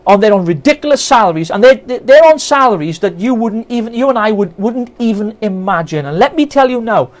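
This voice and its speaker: A man's voice: sits high, expressive, brisk, few pauses. A Welsh man, a political campaigner, ranting with passion and indignation on a live stream, firing off rhetorical questions. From Wales. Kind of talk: impassioned live-stream rant.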